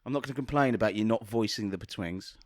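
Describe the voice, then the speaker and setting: A man's voice: lowish voice, fast talker, no echo, studio quality. A man co-hosting a comedy podcast, bantering in a theatrical, mock-pompous way. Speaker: co-host.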